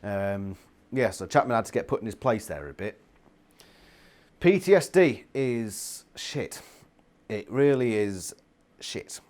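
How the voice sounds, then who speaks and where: A man's voice: lowish voice, lively intonation, slow pace, long pauses, darkish tone. A young man giving a casual book review, ranting and swearing constantly in exasperation.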